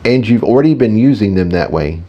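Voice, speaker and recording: A man's voice: fairly low pitch, animated, fairly quick, mellow, lo-fi sound. A man narrating an audiobook, putting on an attempted British accent for a smug, posh male inner voice. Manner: smug, self-satisfied.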